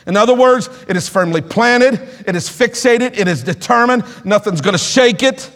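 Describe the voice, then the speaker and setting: A middle-aged man preaches in a church sanctuary, his voice sitting high for a man. He moves from quiet talk to shouted exhortation, calling out to the congregation. A long reverb trails each phrase through the hall. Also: fairly quick, hardly any pauses. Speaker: pastor. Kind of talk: sermon.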